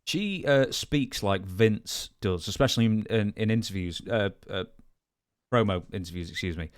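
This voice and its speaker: A man's voice: on the low side, animated, normal speed, smooth, no echo, clean studio sound. A man co-hosting a podcast, asking questions with stammering restarts. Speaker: podcast co-host and interviewer. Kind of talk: casual interview questions.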